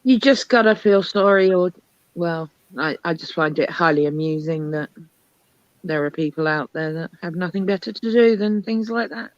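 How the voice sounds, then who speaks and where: A woman's voice: lowish voice, normal speed, dry recording. Woman w a worn-out voice chatting on a stream, dry and kinda muffled audio. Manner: scornful about trolls. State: losing her voice. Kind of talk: casual chat on a live stream.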